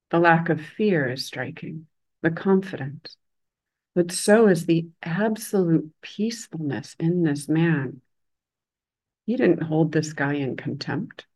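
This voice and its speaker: A woman giving a Buddhist dharma talk in a gentle, conversational way. She pauses often and lets phrases trail off. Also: low voice. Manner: uses a loud, bright voice for quoted speech. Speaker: Buddhist meditation teacher.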